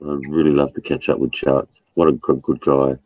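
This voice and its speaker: Very deep-voiced man, laid-back. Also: little pitch movement, normal speed, no room sound, phone-quality sound. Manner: laid-back, swears, laughs often. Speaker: livestream host. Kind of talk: casual chat.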